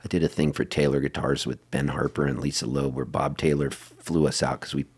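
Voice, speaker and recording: A middle-aged man from San Diego, a guest musician telling road stories in a casual interview, animated and quick to laugh. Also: a bass voice, slightly rough. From San Diego, California.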